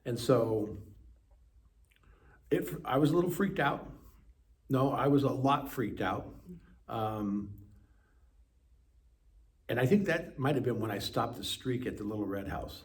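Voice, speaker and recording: A man as an interview guest, telling his story in an animated way with quick bursts. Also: medium pitch. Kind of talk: personal storytelling.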